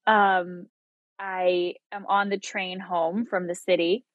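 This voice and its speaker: A woman's voice: lowish voice, level tone, slow, no echo, phone-quality sound. A woman in casual conversation, telling a story animatedly, laughing often and acting out what people said. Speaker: guest.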